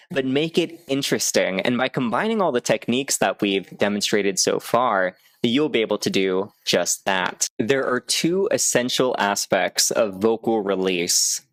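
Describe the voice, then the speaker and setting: A man from the United States runs a public speaking lesson at a middle pitch. His teaching is upbeat and clear, with sudden vocal demonstrations. The sound is close and dry, with no room around it. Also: fairly bright tone, dry recording. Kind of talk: instructional video talk.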